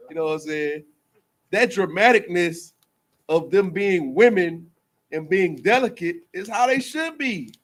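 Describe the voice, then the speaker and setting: A man's voice: sits high, animated, a little slow. A man preaching in casual banter, joking and laughing often, repeating himself and restarting mid-phrase. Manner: loose, joking, laughs often, trails off into fillers. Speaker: teacher at a religious school.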